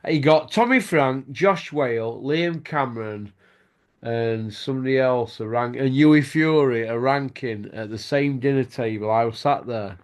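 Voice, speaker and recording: A man's voice: mid-range voice, measured pace. A middle-aged man, hosting a boxing show and telling stories in casual chat, swearing freely and laughing as he goes.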